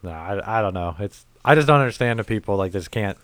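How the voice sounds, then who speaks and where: A man's voice: fairly low pitch, lively intonation, quick pace, a bit bright, dry recording. A middle-aged man hosting a casual podcast, rambling and exasperated, swearing a lot as he tells stories. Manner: rambling, profane, exasperated storytelling. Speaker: podcast host. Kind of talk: casual profane podcast chat.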